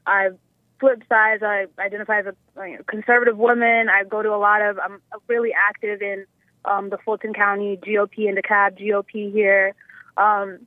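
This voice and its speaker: A woman's voice: medium pitch, no room sound. A young adult woman calling a radio show, emotional and close to tears, rambling with many fillers. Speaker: caller. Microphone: telephone. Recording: tinny phone line.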